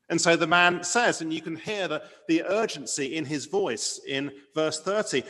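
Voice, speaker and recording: A man's voice: fairly high pitch, moderate pace, few pauses, big-room sound. A man preaching a sermon in an earnest manner, asking rhetorical questions and leaning on key words. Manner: earnest, varies loudness for emphasis, rhetorical questions.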